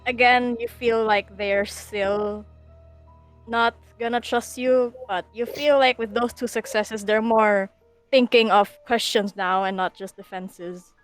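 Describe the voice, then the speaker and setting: A woman narrating a tabletop game as game master, lively and quick to laugh. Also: on the high side, soft background music. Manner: lively, laughs often, thinks aloud.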